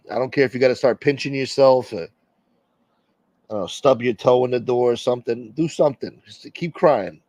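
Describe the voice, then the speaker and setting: A man's voice: mid-range voice, a little mellow, no room sound, dull audio. Brash, profane male livestream host. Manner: brash, profane, joking banter with viewers. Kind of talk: casual livestream chat.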